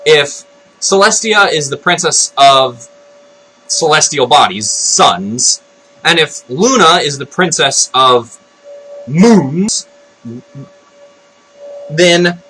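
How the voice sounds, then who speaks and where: A man giving an unscripted, excitable rant about a cartoon episode, retelling it with loud exclamations. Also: on the high side, slow pace, pauses often, breathy edge, rough recording. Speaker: video blogger. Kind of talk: unscripted ranting commentary.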